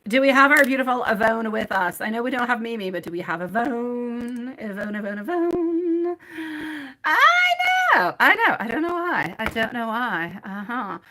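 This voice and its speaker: A woman's voice: fairly high pitch, fairly quick, hardly any pauses, pushed and bright, slight background noise. A woman reading tarot live for her viewers, rambling and chatty, laughing often and calling people by pet names like sweetie and my love. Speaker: tarot reader.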